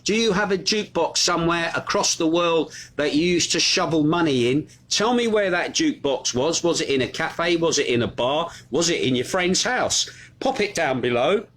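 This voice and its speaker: A man's voice: a little high, expressive, moderate pace, fairly bright tone. Chatty man greeting viewers. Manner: chatty, reads out viewers' comments and greets them by name. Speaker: host of a live news stream. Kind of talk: casual live-stream chat.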